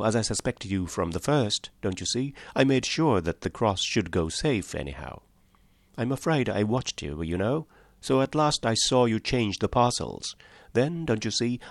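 A man's voice: on the low side, dry recording. A man voicing a small, mild country priest in an audiobook, speaking simply and apologetically.

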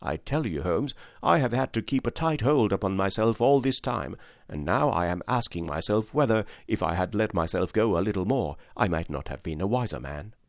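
A male audiobook narrator with a fairly low voice reads a classic story in measured, even narration. The recording is dry and close, with no room sound. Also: vocal fry, no echo. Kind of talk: scripted narration.

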